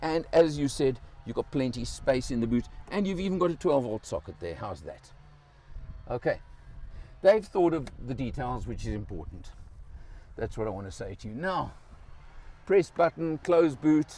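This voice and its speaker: A man's voice: mid-range voice, sing-song, moderate pace, mellow, a little hiss or hum. A South African man giving an enthusiastic, casual walkaround car review outdoors beside a car, pointing out features as he goes.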